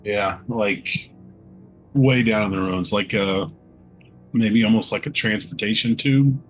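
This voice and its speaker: A man's voice: lowish voice, takes it slowly. A man playing a tabletop game, talking hesitantly and thinking aloud about his character's moves, over faint music. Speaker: player.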